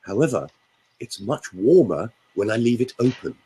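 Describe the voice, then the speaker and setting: A man's voice: mid-range voice, sing-song, moderate pace, dark tone, slightly rough, poor audio. An older man, a voice coach explaining and demonstrating voice technique in a theatrical way on a radio show. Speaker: voice coach guest.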